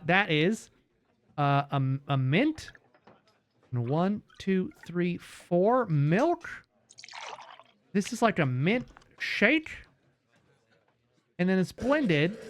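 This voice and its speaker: A young man talks through his game in a casual stream, animated and quick to swear or laugh. His voice is high and swoops widely in pitch. He takes his time, speaking slowly between actions. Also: slight background noise. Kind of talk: casual gameplay commentary.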